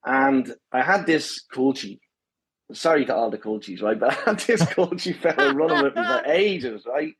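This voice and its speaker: A man's voice: medium pitch, lively intonation, moderate pace, a little hiss or hum, poor audio. A man with a Dublin accent, a podcast guest and marathon pacer, telling stories in a casual chat full of swearing, banter and a habit of asking "right?". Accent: Dublin Irish.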